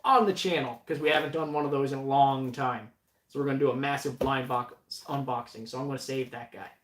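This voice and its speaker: During an unboxing in a home basement, a livestream co-host chats casually, joking and laughing often as they ramble. The voice is mid-range and fairly quick, recorded in an echoey room with a distant mic and faint noise.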